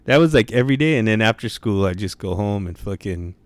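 A young man with a smooth, somewhat low voice tells stories in a relaxed, slangy way, swearing freely and peppering his talk with "bro" and "dude". The sound is close and dry, with no room echo. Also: fast. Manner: laid-back slang, heavy swearing, lots of "bro" and "dude". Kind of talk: casual storytelling chat.

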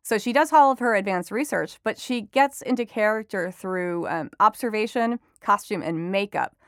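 A woman entertainment reporter talks through an interview in a lively, storytelling way and laughs often. Her pitch sits mid-range for a woman, and the sound is close and dry, with no room around it. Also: normal speed, smooth, no room sound. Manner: chatty, animated storytelling with frequent laughs. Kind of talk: conversational interview.

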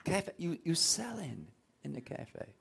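A man preaching a sermon, often rising into loud outbursts. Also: fairly high pitch, big pitch swings, a little slow, vocal fry, a little hiss or hum. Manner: folksy, call-and-response preaching with sudden loud outbursts.

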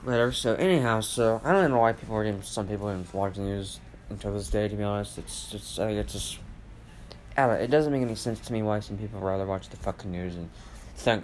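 Low-voiced man ranting, profane and rambling. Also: animated, fast talker, a little mellow. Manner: rambling, profane, lots of fillers and restarts. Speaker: podcast host. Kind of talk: rambling solo podcast rant. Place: at home with family around. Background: faint household noise, dogs and TV.

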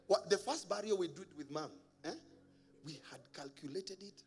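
A man preaching a sermon as a pastor, animated and often laughing at his own stories. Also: sits high, slow pace, pauses often, big-room sound.

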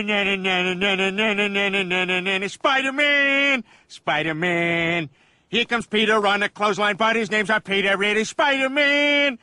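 A man's voice: very high voice, voice pushed up, full character voice. A man doing a goofy cartoon dad belting a superhero jingle. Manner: sings and shouts a silly superhero theme.

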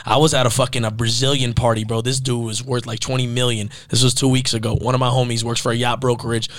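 A young man talks as a guest, telling stories in a loose, animated way and swearing freely. His voice sits at a middle pitch, and the sound is dry and close with no room. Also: fast, no echo. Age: young adult. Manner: animated, profane, anecdotal storytelling. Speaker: entrepreneur guest. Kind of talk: casual chat.

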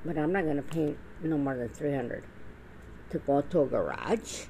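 A woman's voice: sits low, moderate pace, mellow, slight background noise, rough recording. A middle-aged woman talking straight to camera in a blunt, profane, rambling monologue full of restarts. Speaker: vlogger. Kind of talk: casual monologue.

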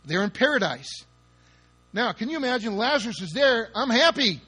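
A man preaching with a fairly high voice and an emphatic, dramatic style. He leans hard into key words, spells them out, and acts out the scenes he describes for his listeners. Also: big pitch swings, normal speed, sharp tone, breathy edge. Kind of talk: sermon.

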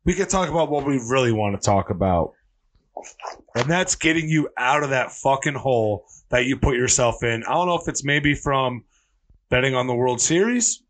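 A man's voice: medium pitch, fairly bright tone. A man hosting a casual sports podcast, ranting heatedly and swearing freely. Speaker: podcast host.

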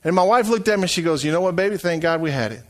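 Man, pastor, middle-aged, high voice, sermon, hushed to shouting. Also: lively intonation, racing. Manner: preaching with big swings from hushed to shouting.

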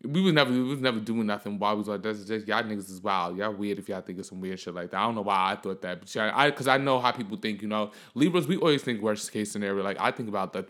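A man's voice: lowish voice, a bit bright. Profane, rambling young man podcaster. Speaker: podcast host. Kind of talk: casual solo storytelling.

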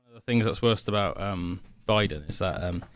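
A man's voice: low-pitched, brisk, a little hiss or hum. Casual swearing podcast host man. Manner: loose and profane, lots of filler words. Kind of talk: casual chat.

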